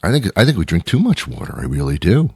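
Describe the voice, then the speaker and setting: Low-voiced ranting man radio host. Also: huge pitch swings, fast, creaky, darkish tone, slightly rough, no room sound. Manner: exasperated, rambling rant with repeated questions. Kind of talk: comedic radio monologue.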